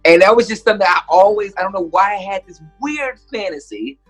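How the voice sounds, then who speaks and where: A young adult man, a comedian, telling stories in a casual interview, lively and acting out the people he quotes. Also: high-pitched, fast, faint music behind. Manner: animated storyteller, acts out quoted voices. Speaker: comedian and guest.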